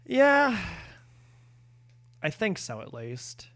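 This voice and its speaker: A man's voice: high voice, wildly swooping pitch, very slow, fairly bright tone. Rambling man streaming a game. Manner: rambling, self-deprecating, answers chat. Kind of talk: casual live-stream chat while gaming.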